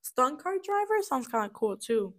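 A woman's voice: high voice, very animated, normal speed, a bit bright. A young woman co-hosting a casual chat, talking and giggling while she eats snacks. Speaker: co-host.

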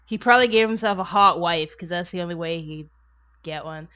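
A woman with a fairly low, brisk, sharp-toned voice recaps a movie on a comedy podcast as a co-host. She rambles and gets sarcastic and crude, swearing often and saying "like" constantly.

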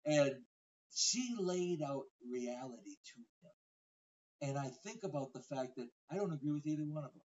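A man co-hosting a casual podcast, earnest and opinionated, giving his views in a measured way. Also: mid-range voice, a little mellow. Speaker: podcast co-host. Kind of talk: casual conversation. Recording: lo-fi audio from a distance off mic.

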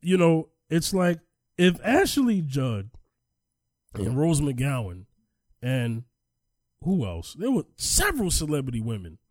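A man's voice: on the high side, slow pace, pauses often, dry recording. Emphatic man on a dry podcast mic. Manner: animated, emphatic storytelling. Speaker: podcast co-host. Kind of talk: casual chat.

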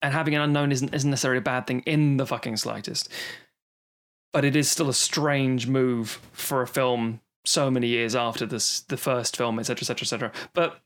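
A man's voice: medium pitch, steady tone, a little fast, a bit bright. A man co-hosting a casual film review podcast, wry and sweary, with frequent ums. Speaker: podcast co-host.

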